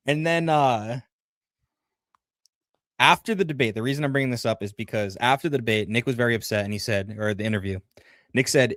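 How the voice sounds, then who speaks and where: A man's voice: mid-range voice, a little fast, pauses often, a bit bright, no room sound, clean studio sound. A man chatting casually on a livestream, rambling through a story and reading viewer comments aloud. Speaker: livestream co-host.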